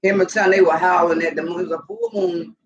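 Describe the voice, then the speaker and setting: A woman telling animated, profane stories casually to her viewers, laughing often. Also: on the low side, fast, creaky, highs cut off. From Southern US. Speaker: vlogger. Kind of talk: casual storytelling to camera.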